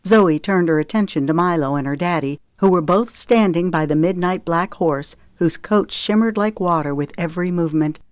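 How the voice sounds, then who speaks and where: A woman narrating an audiobook in a measured, expressive reading voice. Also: on the low side, no room sound.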